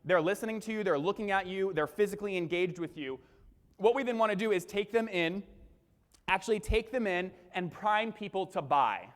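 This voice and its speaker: A young man giving an energetic conference keynote, talking straight to the crowd and acting out his own presenting lines. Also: high voice, brisk. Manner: punchy, crowd-engaging, acts out webinar lines. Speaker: keynote speaker. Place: large conference hall. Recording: long hall reverb.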